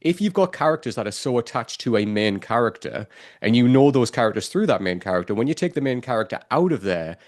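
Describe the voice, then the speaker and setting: A man hosting a podcast in casual chat, chatty and animated, with "like" in many sentences. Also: mid-range voice, fast talker. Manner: chatty, animated, says "like" often. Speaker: podcast host.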